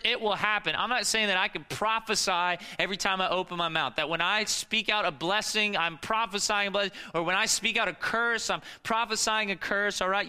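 A man preaching a sermon, animated and conversational, with casual fillers and rhetorical questions. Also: sits high, clear, resonant tone, in a large hall. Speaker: pastor.

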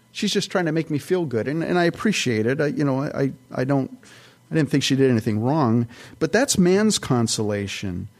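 A man's voice: mid-range voice, darkish tone. A man preaching a conversational sermon, telling everyday stories in a folksy, rambling way with many restarts. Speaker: pastor.

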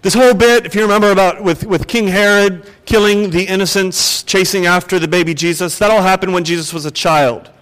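A man's voice: high-pitched, fairly even intonation, a little fast, few pauses, a bit bright, clear, resonant tone. A man preaching a sermon as pastor, earnest and speaking straight to the congregation. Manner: earnest, asks the congregation direct questions. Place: church sanctuary. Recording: reverberant church hall.

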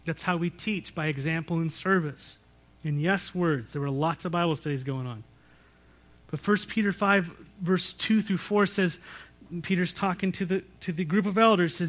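A man's voice: high-pitched, moderate pace, a bit bright. A man preaching a sermon as pastor, in a conversational way with rhetorical questions and light jokes. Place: church sanctuary.

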